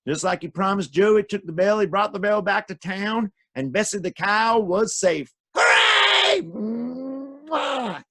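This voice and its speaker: A man's voice: high-pitched, normal speed, hardly any pauses, fairly bright tone. A man telling stories to children, playful and interactive, guiding his listeners through sound effects. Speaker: storyteller. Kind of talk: animated children's storytelling.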